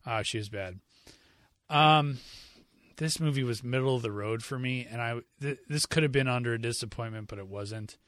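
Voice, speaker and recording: A man's voice: mid-range voice, normal speed, no room sound. Male host, casual movie talk, opinionated, dry close mic. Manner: opinionated, animated, repeats words. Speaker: podcast host. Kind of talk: casual movie review chat.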